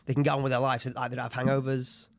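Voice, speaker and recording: A man in his thirties co-hosts a podcast, talking casually and sharing anecdotes, putting on voices for quotes. His mid-range voice is creaky and completely flat in delivery, and he races along.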